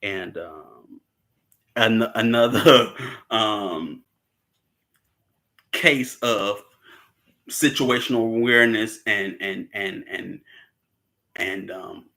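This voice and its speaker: A man talks through a movie in loose, rambling chat. His tone is bright and forward, and he keeps breaking into light chuckles as he acts out bits of dialogue. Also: on the low side, drawn-out words, pauses often. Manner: rambling, chuckles often, acts out characters' lines. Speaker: movie discussion participant. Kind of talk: casual chat recapping a film.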